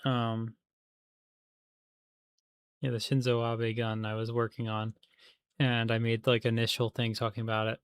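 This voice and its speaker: A man's voice: medium pitch, completely flat delivery, unhurried, long pauses, clean tone. A man chatting casually on a livestream while he plays a game, rambling with many fillers and restarts.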